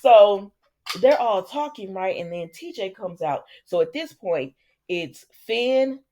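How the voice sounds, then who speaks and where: A woman's voice: mid-range voice, animated, slow, dark tone. A woman hosting a casual soap opera recap, chatty and sassy, talking back to the characters.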